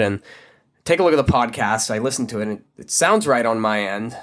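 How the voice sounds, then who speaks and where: A man's voice: on the low side, expressive, brisk, a bit bright. A man hosting his own podcast, talking casually and candidly in a blunt, frank way that is laced with swearing. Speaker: podcast host. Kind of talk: casual solo podcast monologue.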